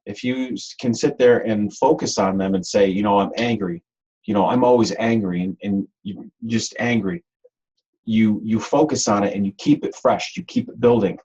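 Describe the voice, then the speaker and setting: Male webinar presenter, husky and breathy, loose and repetitive delivery. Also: fairly low pitch, normal speed, dark tone, muffled recording. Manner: rambling, repeats words, many ums. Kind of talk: unscripted webinar talk.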